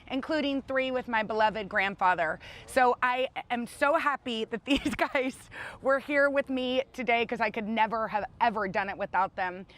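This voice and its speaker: A woman's voice: a little high, a bit bright. A woman in her thirties co-hosting a morning TV show, telling her story eagerly and laughing often. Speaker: co-host.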